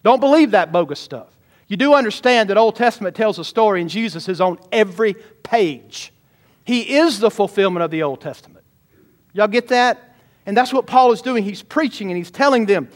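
High-voiced man preaching emphatically. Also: lively intonation, moderate pace. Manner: emphatic, often calling out questions to the congregation. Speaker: pastor. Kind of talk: sermon.

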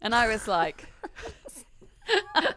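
A woman's voice: on the low side, lively intonation, moderate pace, fairly bright tone, clear, resonant tone. A young woman, co-hosting a podcast in casual chat and telling stories with lots of giggles. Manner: chatty, giggly storytelling. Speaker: podcast co-host.

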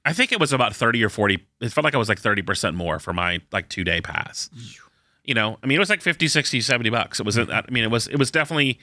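A man's voice: medium pitch, animated, fast talker, sharp tone, no room sound, clean studio sound. A man co-hosting a podcast, telling a story in casual chat with lots of fillers. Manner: rambling, filler-heavy storytelling. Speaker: podcast co-host.

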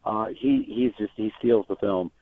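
A man's voice: fairly low pitch, normal speed, dry recording. A man, an entertainment reporter, chatting as a guest and telling stories, often restarting his sentences. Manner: chatty storyteller with frequent restarts. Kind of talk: casual phone interview. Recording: tinny phone line.

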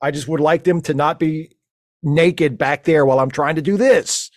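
A man's voice: fairly high pitch, fairly even intonation, moderate pace, no echo, clean studio sound, natural voice. A man playing a flustered, rambling space-fleet lieutenant who stammers through a comedic audio monologue. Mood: exasperated.

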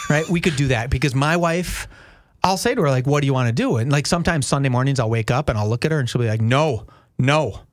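A man's voice: medium pitch, expressive, quick pace. A man, chatting casually as a co-host and telling rambling, self-deprecating stories. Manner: rambling, self-deprecating storyteller acting out quoted voices. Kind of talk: casual chat.

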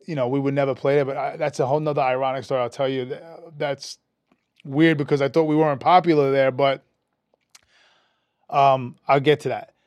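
A man, a metal musician guest telling an animated, profane story in a casual interview, raising his voice when quoting people. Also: mid-range voice, brisk, smooth, no room sound. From New York. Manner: animated, profane, acts out quotes with a rising voice.

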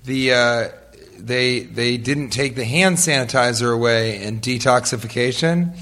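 A man's voice: medium pitch, unhurried, a bit bright. A man co-hosting a comedy podcast before a live audience, riffing with dry jokes. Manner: dry joking, riffs with mock voices. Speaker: podcast co-host. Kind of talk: casual comedic chat.

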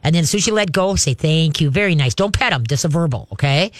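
A man's voice: on the high side, expressive, fast, no echo. A man hosting a call-in radio show, giving folksy, chatty pet advice and demonstrating with growls.

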